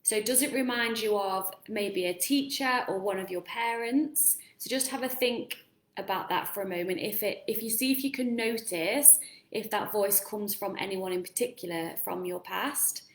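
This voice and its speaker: A self-help coach speaks to viewers in a casual live stream, earnest and encouraging, asking them lots of questions. Her voice is medium-pitched at a moderate pace, and the recording has a roomy echo.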